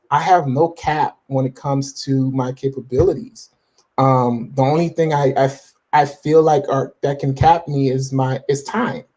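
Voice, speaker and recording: This is a mellow, medium-pitched male voice belonging to a man in his forties. Guesting on an interview, he talks casually about his faith with confident conviction, often restarting and using lots of fillers.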